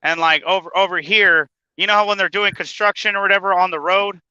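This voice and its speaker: Bright, profane man chatting from his truck. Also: high-pitched, fairly even intonation, a little fast, clean tone, no room sound, dull audio. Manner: profane, laughs often, stammers when telling a story. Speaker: podcast host. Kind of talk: casual chat. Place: truck cab, driving.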